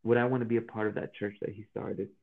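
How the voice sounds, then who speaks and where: Male guest, animated storyteller, phone-quality audio. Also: lowish voice, fast talker, vocal fry. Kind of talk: casual faith interview. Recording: tinny phone-like line.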